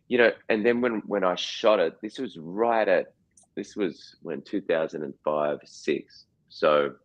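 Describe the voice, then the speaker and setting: An Australian man in his forties, a guest actor chatting in an interview, rambling with lots of restarts and repeated words. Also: low voice. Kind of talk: casual interview chat.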